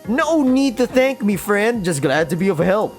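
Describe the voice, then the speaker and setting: A man's voice: sits high, sing-song, moderate pace, voice pushed up. A Filipino man voicing an eager, earnest young woman who works as a lab handler, chatty and a little flustered, reading a visual novel aloud over faint game music.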